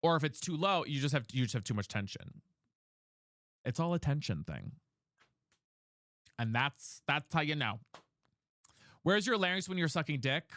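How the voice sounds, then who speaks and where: A man's voice: on the high side, animated, moderate pace, pauses often, a bit bright, dry recording. Chatty young man streaming live, dry sound. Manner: chatty, reads chat aloud and explains vocal technique. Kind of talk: casual live-stream chat.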